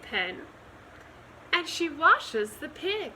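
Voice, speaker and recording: A woman reading a children's picture book aloud for storytime. Her delivery is gentle and expressive, very slow, with a bright, clear voice that rises and falls a lot. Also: fairly high pitch, slight background noise, rough recording. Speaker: storytime reader.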